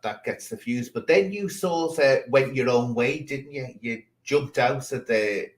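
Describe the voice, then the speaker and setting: A man's voice: mid-range voice, measured pace, hardly any pauses, poor audio. Teasing man hosting a livestream chat. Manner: sarcastic, teasing. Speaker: livestream host.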